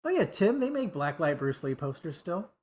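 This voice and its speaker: Jokey podcast guest, mid-pitched voice. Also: sing-song, normal speed, a little mellow. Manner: jokey, swears, playfully corrects the others. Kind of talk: casual movie chat.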